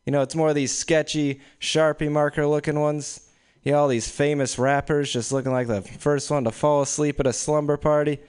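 A young man in his twenties telling casual, deadpan stand-up stories at an open mic. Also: on the high side, fairly quick, clean tone. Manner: casual, deadpan storytelling with frequent laughs. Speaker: stand-up comedian. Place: small room with few people. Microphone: stage microphone.

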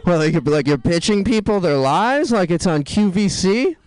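A man doing a stand-up comedy set, telling dark jokes deadpan and tossing asides to the crowd. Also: high-pitched, normal speed, low-quality recording.

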